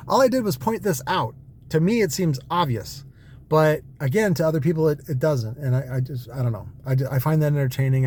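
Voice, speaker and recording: A man with a slightly higher-than-usual voice chats casually while driving at night. He rambles, trips over his words and restarts sentences often. A faint hum of noise sits under his voice. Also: a little mellow. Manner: rambling, hesitant, many fillers and restarts. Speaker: vlogger. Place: in a car on a night drive.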